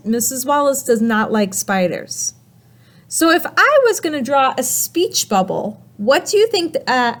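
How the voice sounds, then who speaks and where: A kindergarten teacher with a slightly high voice gives a recorded writing lesson to young children. Her delivery is slow, animated and sing-song, and she keeps asking her class questions.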